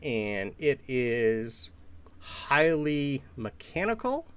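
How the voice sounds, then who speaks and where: Man, game master, casual narration, fillers, middle pitch. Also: sing-song, drawn-out words, smooth. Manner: loose, filler-heavy description.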